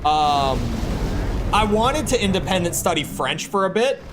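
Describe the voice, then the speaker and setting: A man's voice: high-pitched, very animated, a little slow, over music. A young American man chatting casually with his stream chat, rambling and stumbling over his words. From United States. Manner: rambling, repeats words when starting sentences. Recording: clear background noise.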